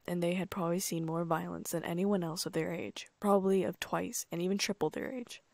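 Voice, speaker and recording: A woman narrating a first-person audiobook in a calm, even storytelling manner. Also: on the low side, creaky, no room sound.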